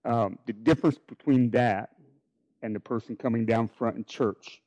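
A man's voice: medium pitch, steady tone, normal speed, darkish tone, rough recording. Man asking questions about faith. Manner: conversational, asks questions. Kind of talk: casual religious discussion.

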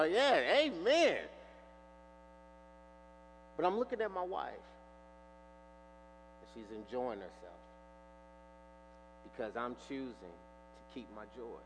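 Male pastor, high lively voice, storytelling sermon in a reverberant hall with a faint hum. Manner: animated storyteller, acts out dialogue.

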